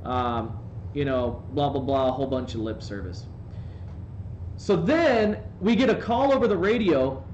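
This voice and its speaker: A live streamer at home tells a rambling, animated story with playful asides while gaming, into a desk microphone he's swapped in for the day. His voice is medium-pitched and a little slow, with the highs cut off. The sound is roomy, with faint background noise.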